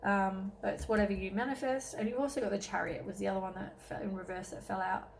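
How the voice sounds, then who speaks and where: A woman's voice: medium pitch, fairly even intonation, fast, gravelly, slight background noise, poor audio. A woman giving a casual tarot reading, tired and yawning, rambling with many ums and self-corrections. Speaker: tarot reader.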